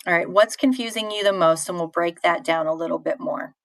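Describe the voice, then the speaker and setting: A woman's voice: lowish voice, brisk, vocal fry, no room sound, rough recording. A woman teacher giving a live online poetry lesson, answering chat questions in a patient, informal way with fillers and restarts.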